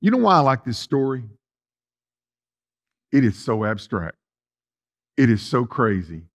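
In a plainspoken, folksy style, a man preaches to his congregation, swinging from loud emphasis to soft asides. His medium-pitched delivery is very animated and a little slow.

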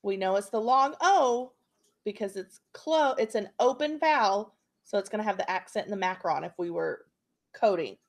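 A woman's voice: mid-range voice, animated. A woman teaching a phonics and spelling lesson to young students, patient and checking in often. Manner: slow, patient, checks in with frequent "okay?".

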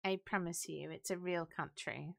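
A woman's voice: lowish voice, fairly even intonation, normal speed, gravelly. A young woman co-hosting a live stream in casual chat, giggly and teasing. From Great Britain. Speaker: stream co-host.

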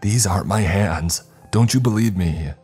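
A man's voice: very deep voice, normal speed, darkish tone, slightly rough, soft background music. A man doing a terrified haunted young man. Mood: panicked. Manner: panicked and pleading, breaking into screams. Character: frightened, unraveling young man haunted by a presence.

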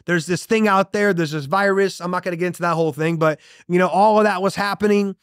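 Emphatic high-voiced male motivational host. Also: fairly even intonation, fast talker, dry recording, clean studio sound. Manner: emphatic, punchy preaching with repeated catchphrases. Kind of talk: motivational monologue.

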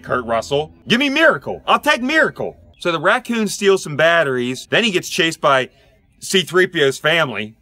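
A middle-aged man with a Pittsburgh accent, doing a rambling, gruff comic monologue aimed at his neighbors. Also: on the high side, sharp tone, dry recording. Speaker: comedic sitcom dad character.

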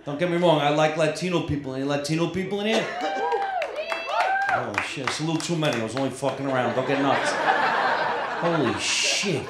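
Brash East Coast stand-up comic, roomy club. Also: male voice, fairly high pitch, fast talker, very noisy. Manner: brash, profane crowd work. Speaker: stand-up comedian. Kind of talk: stand-up comedy set. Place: comedy club stage. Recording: roomy live club sound. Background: crowd laughter.

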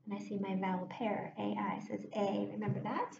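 A woman teacher giving a phonics lesson to young children, speaking slowly and clearly with encouragement. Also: mid-range voice, little pitch movement. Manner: slow, clear, encouraging classroom delivery. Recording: roomy, dull lo-fi classroom recording with faint noise.

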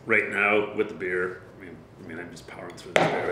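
A man's voice: low-pitched, fairly even intonation, fast, few pauses. An Irish brewmaster, a man, chatting casually as a guest and explaining things thoughtfully with plenty of fillers. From Ireland. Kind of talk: casual chat. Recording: roomy echo, faint noise.

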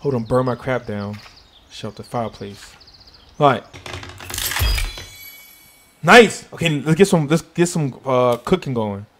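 A man's voice: mid-range voice, lively intonation, measured pace, pauses often, a little hiss or hum. A man giving let's-play commentary on a survival game, jumpy and swearing, talking to himself as he goes. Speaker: gaming YouTuber.

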